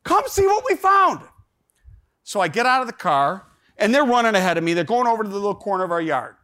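A middle-aged man with a fairly high voice tells a personal story to a room. He rambles, restarts his sentences and fills pauses, and his telling turns animated as it goes on. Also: smooth. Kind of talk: storytelling talk.

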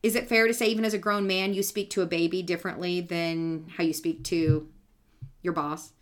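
A woman's voice: fairly low pitch, fairly even intonation, fairly quick. A woman speech-language pathologist co-hosting a podcast, explaining technical terms in a patient, teacherly and playful way. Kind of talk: casual explanatory chat.

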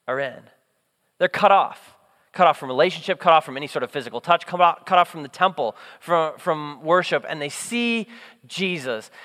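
A young man preaches a sermon with a high-pitched, bright, ringing voice. He tells the story in an animated way and slips into the voices of its characters. The sound carries a long hall reverb. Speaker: pastor.

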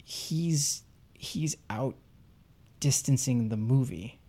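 A man's voice: medium pitch, slow, dark tone. A man talking casually about a film, rambling and searching for his words.

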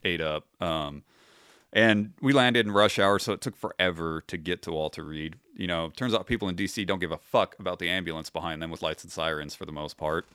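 In a casual storytelling interview, a retired Army sergeant in his thirties shares his experiences as a podcast guest, wry and profane, performing his own earlier remarks. His low voice moves a little fast and sounds fairly bright, clear and resonant. It's a dry, studio-quality recording.

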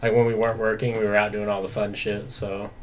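A man's voice: on the low side, flat delivery, quick pace. A man co-hosting a podcast, telling profane stories in laid-back casual banter.

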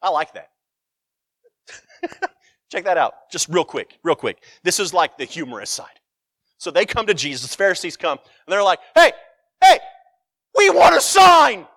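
A man's voice: a little high, normal speed, long pauses, no echo, clean studio sound. A man preaching a sermon, reading scripture aloud and retelling it with humor, acting out the quotes. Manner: animated storytelling, acts out quotes, finds scripture funny.

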